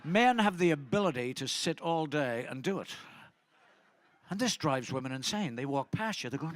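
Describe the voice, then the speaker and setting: Stand-up comic with a bright voice. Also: male voice, on the high side, big pitch swings, a little fast, no room sound. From Ireland. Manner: rambling, chatty, teasing the audience. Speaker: stand-up comedian. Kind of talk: stand-up comedy set.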